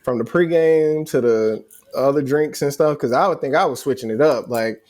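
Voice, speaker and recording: A young man co-hosting a casual travel recap, telling stories in an animated, rambling way full of restarts. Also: medium pitch, normal speed. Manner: animated storyteller, rambling with many restarts and fillers. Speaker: co-host.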